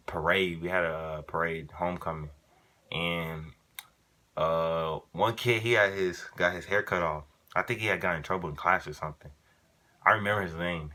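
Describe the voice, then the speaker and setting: A man's voice: sits low, pushed and bright. A young man vlogger telling a casual story in slangy, profane, laid-back talk.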